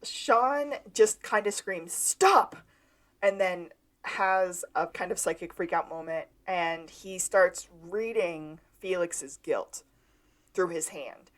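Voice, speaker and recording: A woman's voice: fairly low pitch, slow pace. A young woman co-hosting a podcast, recapping an episode in casual chat and acting out the quoted lines. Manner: animated, acts out quoted lines. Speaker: podcast co-host.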